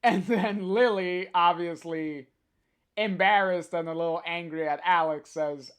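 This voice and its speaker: A livestreamer reads a comic aloud at an unhurried, drawn-out pace. The talk is hesitant and full of filler sounds. It breaks off for chatty asides to the viewers. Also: mid-range voice, fairly bright tone, smooth. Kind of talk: reading a comic aloud on stream.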